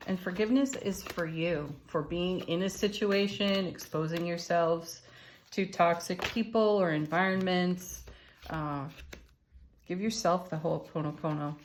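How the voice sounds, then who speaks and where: A woman giving a relaxed spiritual tarot reading, encouraging and gentle, with soft laughs and murmured asides. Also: on the low side, measured pace, a little hiss or hum. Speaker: tarot card reader and channel host. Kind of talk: unscripted spiritual card reading.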